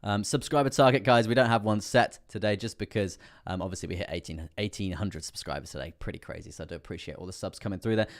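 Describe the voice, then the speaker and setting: A young British man with a lowish voice hosts a live crypto stream. He talks through charts in a loose, rambling flow, leaning on fillers and repeated phrases, and his voice sounds a little strained from talking loudly. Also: quick pace, hardly any pauses. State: slightly strained voice. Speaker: crypto livestream host. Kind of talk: live trading chart analysis.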